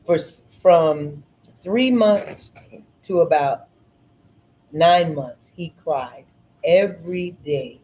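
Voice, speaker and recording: A middle-aged woman hosting a podcast, telling stories in an earnest, animated way and repeating phrases. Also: low-pitched, extremely slow, pauses often, rough recording. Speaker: podcast host. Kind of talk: casual storytelling chat.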